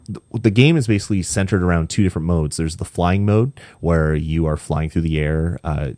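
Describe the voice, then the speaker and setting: Young male podcast co-host, deep voice, rambling and weary, dry close sound. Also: a little fast, mellow, no echo. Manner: rambling, many ums and restarts. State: tired, punch-drunk late at night. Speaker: podcast co-host reviewing a game. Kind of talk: casual podcast chat.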